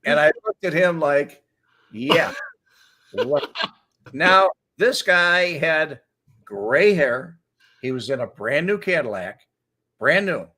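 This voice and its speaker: An older man hosting a casual talk show, telling animated stories and laughing often as he acts out quotes. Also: a little high, takes it slowly. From Chicago area. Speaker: show host. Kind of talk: casual storytelling chat.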